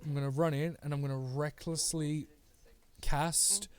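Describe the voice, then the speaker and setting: Player in a tabletop game, guy, higher voice, excitable and sweary. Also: measured pace, clean tone.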